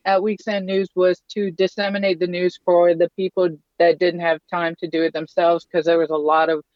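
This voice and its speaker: A woman guest talking quickly and giggling from a van. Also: lowish voice, flat delivery, darkish tone, dry recording, muffled recording. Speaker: guest, news show co-host. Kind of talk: casual interview talk.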